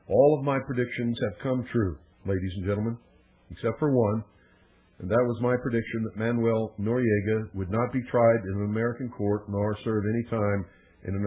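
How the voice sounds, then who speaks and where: Emphatic male radio host, lo-fi. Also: medium pitch. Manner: forceful, emphatic, warning tone with dramatic pauses. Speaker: radio talk show host. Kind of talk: radio broadcast monologue. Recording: phone-like lo-fi radio audio.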